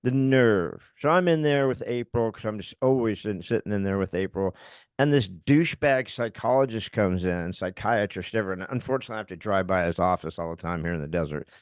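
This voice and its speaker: A man's voice: fairly low pitch, a little fast, clear, resonant tone, dry recording. A middle-aged man co-hosting a podcast, telling a personal story in a heated, profane way and acting out what others said. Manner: profane, heated, recounting events with acted quotes. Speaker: podcast co-host.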